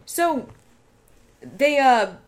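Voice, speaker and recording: A woman's voice: sits high, expressive, drawn-out words. A woman casually discussing a TV episode with her co-host, filling in plot details. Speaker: podcast co-host. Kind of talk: casual chat recapping a TV show.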